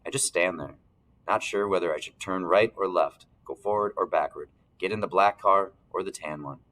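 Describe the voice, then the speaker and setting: A man reading a first-person novel aloud as narrator, steady, clearing his throat now and then. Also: low voice, moderate pace, rough recording. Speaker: audiobook narrator.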